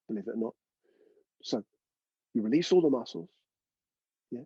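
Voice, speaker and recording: A man's voice: medium pitch, lively intonation, moderate pace, gravelly, pauses often, dark tone, breathy edge, dry recording, dull audio. A man teaching a live online breathwork class, chatty and coaching, often checking in with his students.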